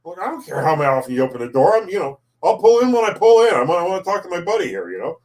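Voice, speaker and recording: A man's voice: sits high, big pitch swings, very fast, darkish tone. A man chatting casually on a live stream, telling a story in a plain matter-of-fact way.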